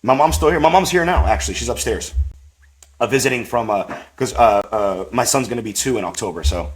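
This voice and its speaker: A man, a podcast guest, tells a personal faith story in a rambling, animated way, with lots of fillers and acted-out quotes. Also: mid-range voice, brisk. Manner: rambling, full of "like" and "you know"; animated, acts out quoted voices.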